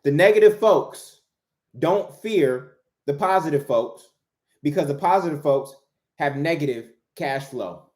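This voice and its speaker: A roomy echo surrounds this mid-range, slightly mellow male voice. He's an author and motivational speaker preaching a spiritual message, returning again and again to key phrases for emphasis.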